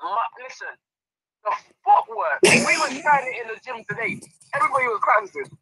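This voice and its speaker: A man speaks in a high, bright, husky voice, with his pitch swinging widely. He tells his story with animated energy and laughs often, and he comes through on a phone-like line. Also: brisk, no echo. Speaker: boxing trainer. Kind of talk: casual interview chat.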